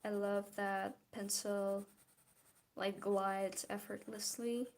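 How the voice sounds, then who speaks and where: A woman vlogger from Belarus speaks in a medium-pitched, level, a little mellow voice at a slow pace. Her accent is Belarusian and her first language Belarusian or Russian. She chats casually while drawing and replying to live chat, restarting her sentences often.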